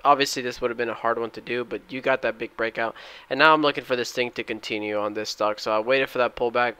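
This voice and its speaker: A man's voice: mid-range voice, clean tone, no echo. A young man recapping his day trades over screen recordings, talking casually and getting worked up when a trade fails. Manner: excitable, shouts at the chart when trades fail. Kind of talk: trading recap with screen commentary.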